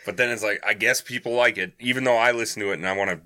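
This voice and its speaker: A man's voice: lowish voice, fairly even intonation, racing, sharp tone. A young man co-hosting a casual podcast, dry and blunt with his jokes. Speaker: podcast co-host. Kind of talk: casual chat.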